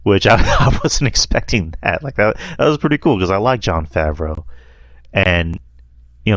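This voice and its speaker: In a dry recording with no room sound, a low-voiced male podcast host chats loosely about movies. He wanders off topic, laughs frequently, and mimics lines mockingly.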